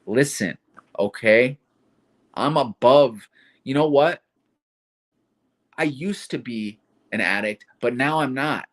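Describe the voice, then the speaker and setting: A man's voice: medium pitch, slow pace, pauses often, close to an everyday voice. A man doing a mocking impression of a boastful woman who used to drink heavily, repeatedly insisting on herself. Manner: mocking, defensive, insists "okay?".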